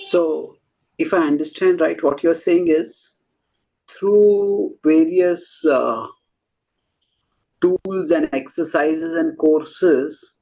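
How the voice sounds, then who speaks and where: A man's voice: fairly high pitch, mellow, lo-fi sound. A man hosting a podcast, asking questions and carefully summarizing his guest's words. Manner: slow, measured, summarizing. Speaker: podcast host. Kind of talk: interview questions.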